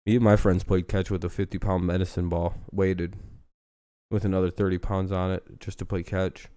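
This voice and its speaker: A man's voice: sits low, flat delivery, moderate pace, warm tone, smooth, dry recording, clean studio sound. A man hosting a casual live football news stream, joking and rambling with plenty of swearing.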